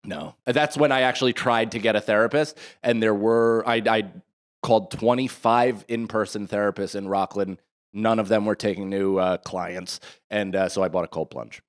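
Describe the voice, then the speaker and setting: A podcast co-host in his thirties tells a story in casual chat, swearing a lot and acting out the people he quotes. His voice is fairly low, steady in tone, and moves at a normal speed.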